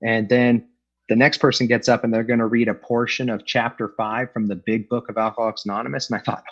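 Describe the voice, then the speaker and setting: Middle-aged man, dry storyteller with a husky voice, joking through his recovery share on a dull-sounding online call. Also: medium pitch, fairly even intonation, fast talker. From Los Angeles, California. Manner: wry, joking, acts out quoted voices. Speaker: AA speaker. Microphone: video call.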